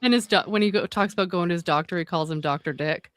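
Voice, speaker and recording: A woman's voice: lowish voice, fast, no room sound. Giggly woman telling stories, dry mic. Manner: animated storyteller, acts out quotes, giggly. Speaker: stream co-host. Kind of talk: casual chat.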